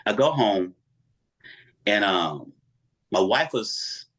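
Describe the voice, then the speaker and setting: A man's voice: fairly low pitch, drawn-out words, husky. A man telling a dramatic personal story as an interview guest, acting out each voice in it. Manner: animated, acts out every voice in his story.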